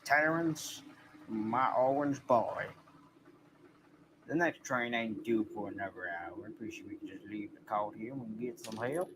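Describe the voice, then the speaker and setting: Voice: mid-range voice, normal speed, lightly acted. A young man voicing unpolished talking engines over noisy sound. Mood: plain. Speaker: amateur voice actor playing several characters. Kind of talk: hobby fan-film voice acting. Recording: noisy old fan-film soundtrack.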